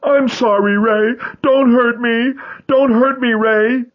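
A man's voice: steady tone, narrow, tinny audio. A man doing a sobbing, terrified young boy. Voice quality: high, pleading, drawn-out. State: crying. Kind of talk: audiobook character reading.

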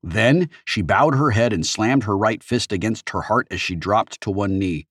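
A man reading a first-person audiobook in an expressive storytelling manner, recorded on a studio microphone. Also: on the low side, moderate pace, slightly rough, no echo. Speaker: audiobook narrator. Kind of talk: scripted audiobook narration.

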